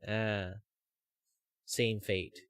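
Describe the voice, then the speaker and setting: Rambling through a casual stream, this Malaysian host laughs often and leans on lots of fillers. He speaks very slowly in a low, level, slightly bright voice that is clear and resonant, recorded without echo.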